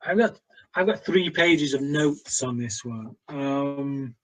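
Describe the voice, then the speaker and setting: A man's voice: medium pitch, slow, low-quality recording. A man co-hosting a casual film review chat, a blunt, exasperated critic who uses many fillers. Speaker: co-host of a film review show.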